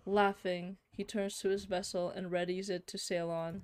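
A woman's voice: medium pitch, level tone, normal speed, darkish tone, smooth. A young woman playing a narrative game, reading its text aloud and reacting with shocked exclamations and casual fillers. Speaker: let's play streamer.

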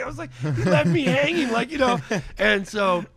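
A man in his forties, a documentary filmmaker, telling a story as a podcast guest and acting out the dialogue in a lively way. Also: very high voice, husky, dry recording. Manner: lively, acts out quoted dialogue, fast and excitable. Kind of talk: animated storytelling in a podcast interview. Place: podcast studio.

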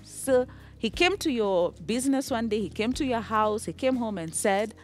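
A woman teaching a children's Bible lesson, telling the story with lively animation, breaking into song and checking in with "okay?". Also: a little high, normal speed, faint music behind. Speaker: Sunday school teacher.

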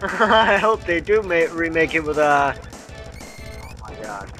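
Man, higher voice, drawn-out delivery, teasing co-commentator, swears a lot. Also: sing-song, over music. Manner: teasing, profane banter. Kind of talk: casual game commentary.

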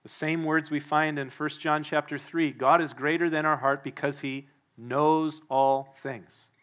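A male pastor preaching a sermon in a church, emphatic and quick to act out the people he quotes. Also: on the high side, fairly even intonation, a bit bright. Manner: emphatic, acts out the quoted speakers.

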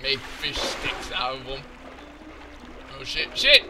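A man giving goofy, jokey gameplay commentary, excitable and crude, as host of a let's play. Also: mid-range voice, takes it slowly, background noise. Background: game music.

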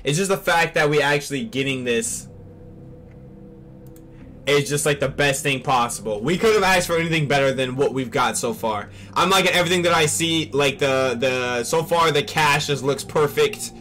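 A young man hosting a casual reaction vlog on a desk mic, rambling excitedly and repeating himself. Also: a little high, normal speed, a little hiss or hum. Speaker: channel host reacting to a trailer.

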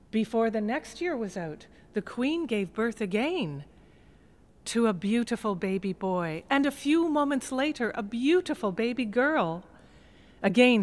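A woman storyteller narrating a folk tale in a lyrical, expressive way in a museum gallery. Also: fairly high pitch.

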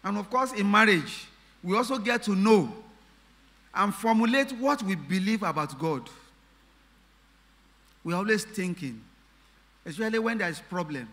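A male pastor delivers an emphatic sermon, his voice pitched high for a man. The tone is bright and forceful, and he leans on repeated phrases and questions to his congregation. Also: animated, moderate pace, pauses often, long reverb tail. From Nigeria. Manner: emphatic preaching with repetitions and rhetorical questions.

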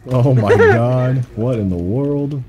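A man's voice: mid-range voice, slow, heavy background noise. A young man gaming online with friends, making wry joking comments over voice chat. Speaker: gamer.

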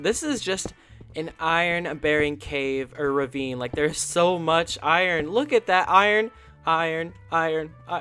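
Speaking in a mid-range voice, this channel host gives excitable, chatty commentary over a game, peppered with gasps and little coos in a casual style.

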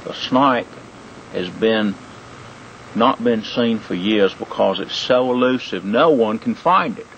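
A man's voice: lowish voice, takes it slowly, a bit bright. Man doing a brash wildlife-show host, folksy showman, says mate a lot, noisy outdoor night video. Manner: folksy exaggerated showman talk, repeats "mate". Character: goofy wildlife-show host, male, mock bravado. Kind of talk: amateur home-video parody.

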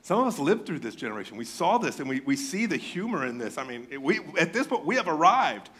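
A man preaches in an animated, joking way. His voice sits a bit high and swings widely in pitch as he teases his listeners and plays out what they might say. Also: fast talker, breathy edge. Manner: animated, joking, mimics his congregation in raised voice. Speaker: pastor. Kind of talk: sermon.

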